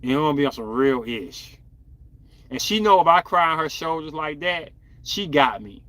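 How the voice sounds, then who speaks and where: A man hosting a podcast, chatting casually and bluntly in slang with animated outbursts as he reacts to viewer comments. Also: on the high side, moderate pace, no room sound. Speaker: podcast host.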